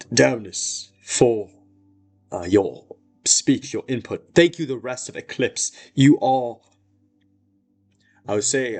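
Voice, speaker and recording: A man voicing a formal male government minister who thanks the heroes in a measured, polite way, in a tabletop game. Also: medium pitch.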